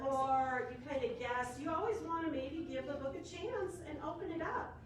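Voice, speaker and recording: A woman librarian at preschool story time, bright and coaxing, her pitch swinging high and low as she asks the kids questions. She is recorded from across an echoey library room, with a faint hiss. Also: animated, moderate pace, few pauses, far from the mic, crowd noise. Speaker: children's librarian.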